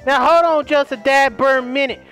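A man's voice: very high-pitched, steady tone, normal speed, fairly bright tone, faint music behind. A cranky old backwoods man, full of old-timey exclamations, voiced by a synthetic man's voice in a video game. He talks in a folksy, cantankerous way.

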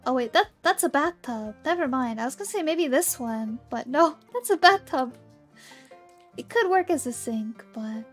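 A young woman streaming a game, chatting casually and bubbly with viewers, often giggling. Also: sits high. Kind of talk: casual game livestream chat.

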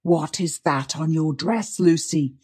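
A woman's voice: low-pitched, big pitch swings, moderate pace, slightly rough, exaggerated voice. A woman reader voicing a stern middle-aged aunt who questions sharply and grows frantic. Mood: demanding. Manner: sharp, demanding.

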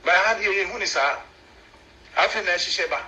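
A man with a Ghanaian accent, a chief's spokesman, explaining customs in an animated, emphatic way to a local news camera. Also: high-pitched, brisk, rough recording.

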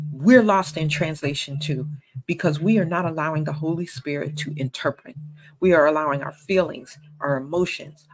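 A woman's voice: deep voice, breathy edge, poor audio. A woman giving a sermon-style Bible teaching, earnest and conversational, with emphatic stresses.

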